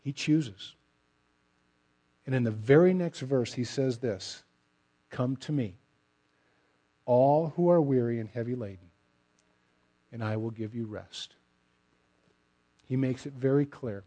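A middle-aged man preaching a sermon, emphatic and direct, often letting his phrases trail off softly. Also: mid-range voice, slow pace, pauses often. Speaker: pastor.

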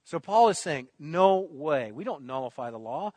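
Animated man preaching. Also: moderate pace, dry recording. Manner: animated preaching, booming emphasis on quoted words, drops to quiet asides. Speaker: pastor. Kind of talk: sermon.

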